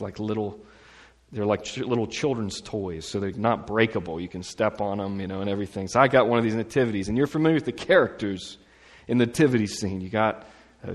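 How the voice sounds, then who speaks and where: A man preaching a sermon as pastor, talking in a casual, lively way with asides and humor. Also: fairly low pitch, in a large hall.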